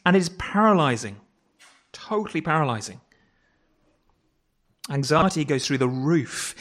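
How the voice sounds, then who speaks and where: Man, preacher, fairly high voice, conversational sermon, repeats words, rhetorical questions. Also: expressive, measured pace, pauses often, fairly bright tone. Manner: stumbles and repeats words, corrects himself. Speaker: pastor. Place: church.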